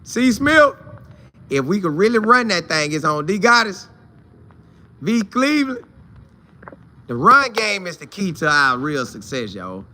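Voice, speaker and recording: A man's voice: high-pitched, big pitch swings, measured pace, pauses often, pushed and bright, a little hiss or hum. A man hosting a casual live fan show, greeting viewers by name and repeating his points for emphasis. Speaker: host of a college football fan show. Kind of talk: casual live-stream chat reading viewer comments.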